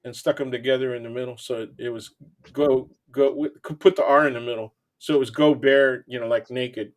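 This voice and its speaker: A man's voice: mid-range voice, steady tone, fairly quick. A man appearing as a guest on a talk show, chatting casually with wry, sarcastic humor. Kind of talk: casual chat.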